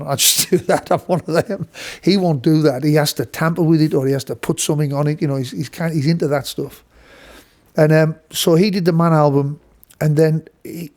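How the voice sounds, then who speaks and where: A session guitarist from England, a man with a fairly high-pitched, mellow voice, tells a studio story casually, with many restarts and some swearing.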